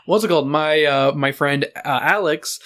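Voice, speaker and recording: A man's voice: fairly high pitch, moderate pace, a bit bright. A man co-hosting a book podcast, talking in a loose, joking way with lots of fillers and restarts. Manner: joking, rambling, full of fillers. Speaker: podcast co-host. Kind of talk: casual chat.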